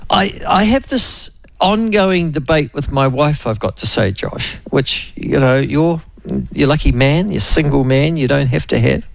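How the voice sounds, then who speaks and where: A man's voice: on the high side, animated, a little slow, vocal fry, dry recording. A man hosting morning talk radio in a wry, rambling, opinionated monologue.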